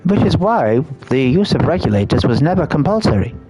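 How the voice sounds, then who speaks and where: A man reading out a calm formal game character. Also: on the high side, fairly quick, over music, low-quality recording. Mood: measured. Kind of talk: reading game dialogue aloud.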